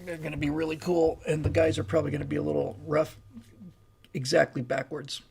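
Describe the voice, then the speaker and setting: A man's voice: on the high side, level tone, brisk, creaky, a little mellow. An older man hosting a live stream, chatting casually and reading comments in a rambling, folksy way. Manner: rambling, folksy, restarts and asides.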